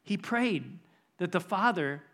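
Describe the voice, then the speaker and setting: A man's voice: high voice, animated, takes it slowly, a bit bright. Earnest middle-aged male pastor preaching. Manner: earnest storytelling, building to emphatic preaching. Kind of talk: sermon.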